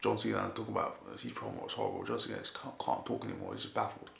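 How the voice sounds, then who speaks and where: A man's voice: lowish voice, fairly even intonation, very fast, creaky, fairly bright tone. A man giving a casual, rambling spoken recap of a wrestling show. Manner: rambling, repeats "basically", chuckles often. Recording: echoey room with faint hiss.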